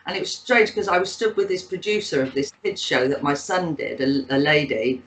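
A woman's voice: sits low, fairly quick, a bit bright, rough recording. A woman in her sixties with a Bristol accent, telling rambling anecdotes as a guest in a casual interview, with plenty of fillers. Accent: Bristol English. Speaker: guest, actress and author.

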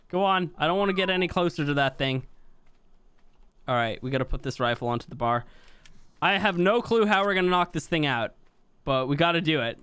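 A young man giving casual gameplay commentary, chatty and exasperated, with sudden high-pitched yelps of surprise. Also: animated, a little fast, long pauses, fairly bright tone, clean tone. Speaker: gaming YouTuber.

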